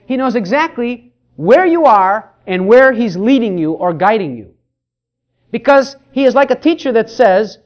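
In a church, a middle-aged male pastor preaches a sermon in a high voice whose melody swings widely. He shifts into the quoted voices of churchgoers to make his points, and the recording sounds dull and lo-fi.

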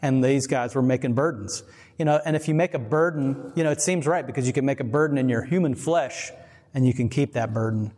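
A man's voice: mid-range voice, a little fast, darkish tone. A male pastor with an ordinary mid-range voice gives a loose, chatty sermon. He wanders off on tangents and chuckles along the way. His voice carries the long reverb of a big hall. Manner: rambling, digressive, chuckling asides. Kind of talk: casual conversational sermon.

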